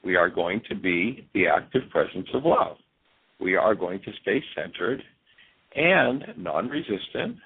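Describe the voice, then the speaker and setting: Resolute calm leader, quoted by a man, firm, emphatic, low husky voice, tinny phone line. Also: a little slow, full character voice. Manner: firm, emphatic, earnest retelling.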